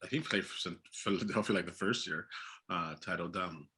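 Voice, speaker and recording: An animated man talks casually about making films, laughing often and acting out what went through his head. His voice is bright and forceful, with a slightly husky edge. He sits a little lower in pitch than most men. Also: normal speed. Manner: animated, laughing, acts out his own past thoughts. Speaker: filmmaker guest. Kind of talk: casual interview chat. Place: Los Angeles area.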